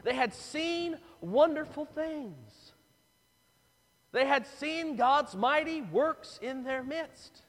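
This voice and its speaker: His voice is extremely high, expressive and fairly bright, and he takes his time. The man is preaching, telling the story with drama and performing the crowd's voices, inside a large hall with long reverb.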